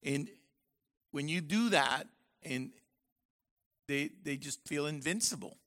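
A man preaching a sermon in an animated, joking way, acting out little voices as he goes. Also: a little high, slow pace. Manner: animated, jokey, acts out voices. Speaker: university professor.

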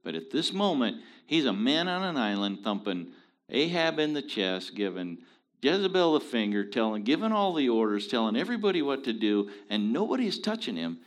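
Animated, folksy male Bible teacher. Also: medium pitch, moderate pace.

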